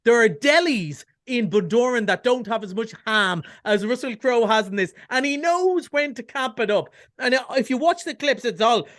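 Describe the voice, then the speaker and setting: An Irish man reviewing films on a radio chat show, chatty and enthusiastic with quick jokes and asides. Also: very high-pitched, animated, a bit bright. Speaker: cinema film reviewer. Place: radio studio.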